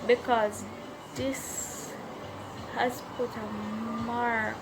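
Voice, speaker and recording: Slow, halting woman vlogging. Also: on the high side, flat delivery, creaky, very noisy. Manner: slow, halting, emotional storytelling. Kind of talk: storytime vlog.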